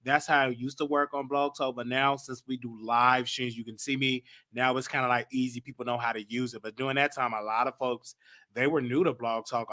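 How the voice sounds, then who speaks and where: Pitched in the mid-range, his voice sounds pushed and bright as he talks casually over an old broadcast. The host wanders a little, corrects himself, begins sentences again and again, and shares viewer comments by reading them out.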